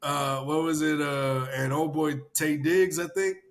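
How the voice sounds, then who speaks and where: A man casually chatting on a podcast, animated, laughing often and swearing freely. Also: a little slow. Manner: animated, mimics commenters in loud high-pitched yelling. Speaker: podcast co-host.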